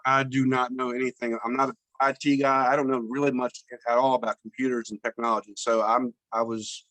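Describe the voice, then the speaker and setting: A man's voice: medium pitch, flat delivery, brisk, a bit bright, dry recording. A man speaking on a video call with his camera off, modest and plainspoken, telling how it went. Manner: modest, plainspoken, laughs easily. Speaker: caller, business owner. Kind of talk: casual Zoom group chat. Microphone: video call, audio only.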